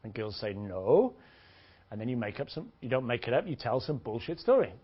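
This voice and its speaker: A man teaching a dating seminar in an animated, joking way, swearing and laughing often. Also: medium pitch, fast, husky. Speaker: dating coach. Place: seminar room. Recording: dull lo-fi recording.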